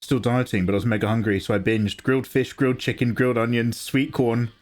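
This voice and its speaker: A man's voice: mid-range voice, little pitch movement, a little fast, darkish tone. A young man hosting a live drawing stream, chatting casually and joking with viewers. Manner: chatty, jokey, laughs often. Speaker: livestream host. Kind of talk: casual chat while drawing.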